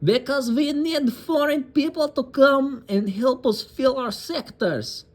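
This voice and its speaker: Man doing a high strained falsetto woman, mock Russian accent, slow exaggerated drawl, mocking. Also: heavily acted. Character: shrill mocking woman politician.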